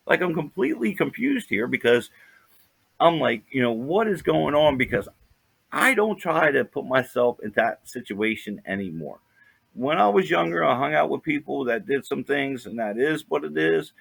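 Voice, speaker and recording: A man's voice: mid-range voice, lively intonation, moderate pace, creaky, fairly bright tone, slightly rough, no echo. A man co-hosting a podcast, telling a rambling story full of "you know" fillers. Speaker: podcast co-host. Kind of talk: casual storytelling.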